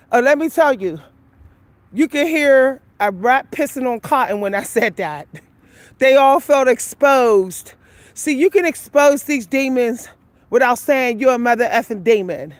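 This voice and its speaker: A woman's voice: high voice, lively intonation, unhurried, dry recording. A woman talking casually and emphatically to her viewers on a walking vlog, laughing often as she gives advice. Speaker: vlogger giving life advice. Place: outdoors on a walk.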